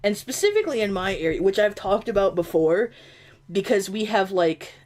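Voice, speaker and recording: A woman chatting on a gaming stream has an upstate New York accent and a medium-pitched, expressive voice with a darkish tone at a moderate pace. Her talk is casual and rambling, peppered with "like" and easy laughter.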